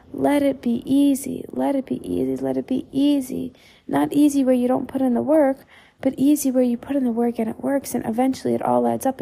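A woman's voice: a little high, creaky, mellow, slightly rough. A woman hosting a podcast, delivering a blunt motivational monologue full of swearing and emphatic repetition. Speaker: podcast host and mindset coach.

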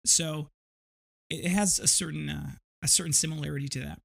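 Chatty man with a slightly high voice. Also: fairly even intonation, a little fast, gravelly, a bit bright, husky. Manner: rambling, vivid descriptive storytelling with frequent restarts. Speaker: podcast host. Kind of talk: casual storytelling monologue.

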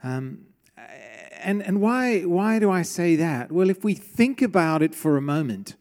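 A middle-aged man preaches a sermon in a church. His voice sits somewhat high for a man. He talks in a conversational way and keeps putting questions to the congregation. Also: very animated, measured pace, darkish tone. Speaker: pastor.

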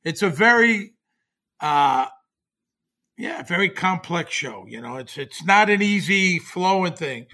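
A man's voice: high voice, expressive, takes it slowly, pushed and bright. A man speaking as a podcast guest in casual chat, with wry, chuckling asides.

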